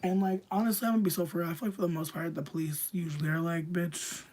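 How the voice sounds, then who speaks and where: A young adult woman spinning a rambling personal story for her livestream viewers. Her talk is loose, profane and full of slang, with "like" in nearly every line. She drops into hushed asides, then flares up loud. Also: lowish voice, rapid-fire. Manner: swings between hushed asides and loud outbursts. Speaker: streamer.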